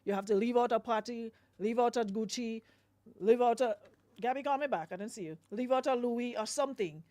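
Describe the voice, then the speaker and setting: A woman hosting a radio talk show, sharing lively opinions in a conversational way. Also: fairly high pitch, a little fast, no echo. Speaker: radio host.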